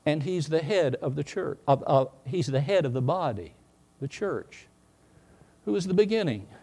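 A man preaching in a slightly high voice. He drops to quiet, low asides and then climbs into loud, emphatic bursts. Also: lively intonation, normal speed, husky. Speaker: pastor. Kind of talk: sermon.

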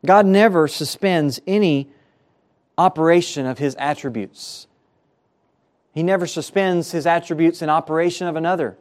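Man, pastor, sermon, earnest preaching, fairly high voice, rises and falls for emphasis. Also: moderate pace, a little mellow.

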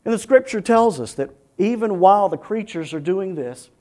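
A man preaching a sermon in a slightly high-pitched voice. He chants repeated lines with rising fervor, then sinks to a near hush. His address to the congregation stays earnest and direct. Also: expressive, moderate pace. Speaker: pastor.

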